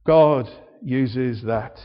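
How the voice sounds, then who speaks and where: A man's voice: medium pitch, extremely slow. A man preaching a sermon in a church, earnest, often restarting his sentences and building in emphasis. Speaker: pastor. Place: church hall. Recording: dull, hall reverb.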